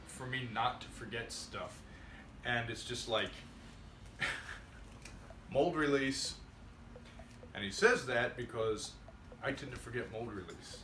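A maker vlogger with a mid-range voice chats casually through a workshop tutorial, rambling and poking fun at himself. His audio is roomy and distant, with background noise and music underneath.

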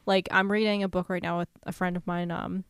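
A young woman co-hosting a casual book podcast, animated and exasperated, laughing often and talking with lots of fillers. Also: lowish voice, brisk, clear, resonant tone, no echo, clean studio sound. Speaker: podcast co-host. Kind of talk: casual book-club chat.

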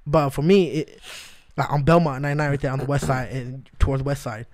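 Fast-talking, profane male podcast co-host. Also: mid-range voice, dry recording. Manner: profane, animated, acts out quotes in a raised voice. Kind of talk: casual storytelling chat.

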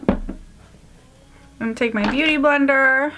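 A woman's voice: sits high, unhurried, pushed and bright, slight background noise. A woman vlogger chatting casually through a makeup tutorial, joking about her own mistakes. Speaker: beauty vlogger.

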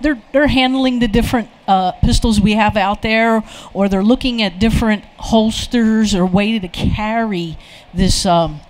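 A woman's voice: mid-range voice, unhurried, hardly any pauses, low-quality recording. Woman moderator, encouraging, loose and filler-heavy. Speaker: panel moderator. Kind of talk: moderating a panel. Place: expo hall panel.

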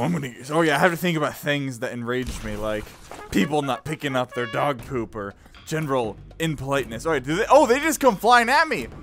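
A gaming video host giving excitable, casual let's-play commentary, full of exclamations and bursts of laughter. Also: medium pitch.

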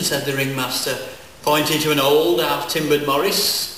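A deadpan man recites comic verse live on a festival stage, his voice sitting a little high. A distant mic catches him in a very echoey hall, with faint audience sound behind. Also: normal speed. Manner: deadpan, wordplay-laden delivery. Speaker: comic poet.

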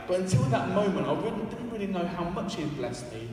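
A man's voice: sits high, sing-song, fast, hardly any pauses, darkish tone. A man preaching a casual, joking, self-deprecating sermon in a church. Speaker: evangelist preacher. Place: church hall. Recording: echoey hall, far from the mic.

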